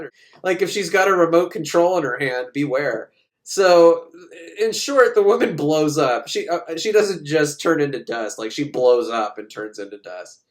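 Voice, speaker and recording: A man sarcastically recapping a film in casual talk, swearing and jumping into voices of the characters. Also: medium pitch. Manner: sarcastic, swearing, acts out lines in quick put-on voices. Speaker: movie recapper.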